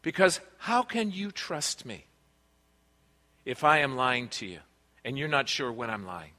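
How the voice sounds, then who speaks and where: A man's voice: medium pitch, expressive, a little slow, bright, forceful tone. A man preaching a sermon, earnest and conversational, telling personal stories from family life. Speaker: pastor. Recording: long reverb of a large hall.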